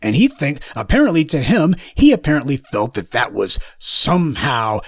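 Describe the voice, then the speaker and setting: Man, political commentator, mocking and combative, lively pitch, fairly high voice. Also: normal speed, hardly any pauses, no room sound, studio quality. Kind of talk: monologue commentary.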